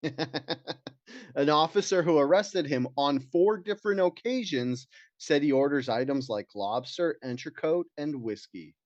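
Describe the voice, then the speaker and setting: A man's voice: a little high, a little slow, no echo, lo-fi sound. A man co-hosting a comedy podcast who tells work anecdotes and jokes around, often doing silly voices. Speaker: podcast co-host. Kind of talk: casual comedic chat.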